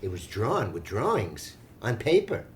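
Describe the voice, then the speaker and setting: A man from Australia, a voice actor being interviewed at a fan convention, telling stories in a playful, joking way with deadpan dark humor. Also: lowish voice, a little slow, a little hiss or hum. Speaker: voice actor guest.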